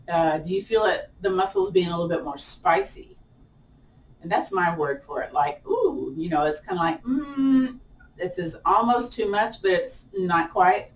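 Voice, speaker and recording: Woman, American twang, yoga instructor, chatty, playful, distant mic, roomy echo. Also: lowish voice. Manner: chatty and playful, laughs often, self-teasing. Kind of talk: guided chair yoga class. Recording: echoey room, distant mic, faint hiss.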